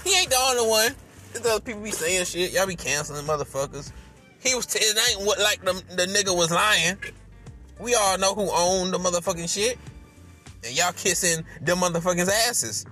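A man hosting his podcast, delivering a heated, profane rant that keeps bursting into shouts. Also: sits high, brisk, soft background music. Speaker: podcast host.

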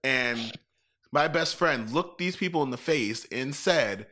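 A man in a casual chat, telling a lively, profane story and acting out what people said. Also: mid-range voice, slow. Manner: animated, profane storytelling with acted-out quotes.

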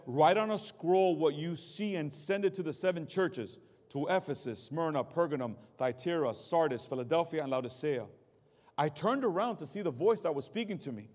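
A male pastor preaching a dramatic sermon, dropping low and quiet and then rising loud, and mocking excuses in a put-on voice. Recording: long hall reverb.

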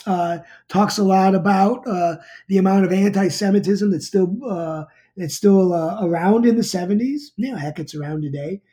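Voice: medium pitch, normal speed, warm tone. A middle-aged TV show reviewer talking casually, rambling, with many fillers and restarts.

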